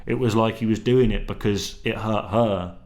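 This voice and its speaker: A man's voice: lowish voice, moderate pace, darkish tone. A young man talking casually to camera, rambling and slangy, with lots of restarts and swearing. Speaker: vlogger. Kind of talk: casual solo vlog chat.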